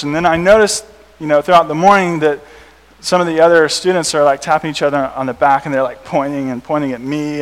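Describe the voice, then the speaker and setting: American missionary guy telling funny stories, slightly high voice, long echo in a big hall. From United States. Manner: animated, laughing at his own stories. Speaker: missionary speaker. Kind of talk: storytelling talk to an audience. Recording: reverberant hall.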